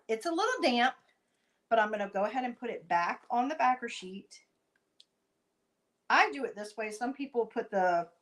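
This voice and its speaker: Woman, craft demonstrator, live-stream tutorial, chatty, mid-pitched, step-by-step asides. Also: a bit bright, poor audio. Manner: chatty, talks while working, frequent asides to viewers.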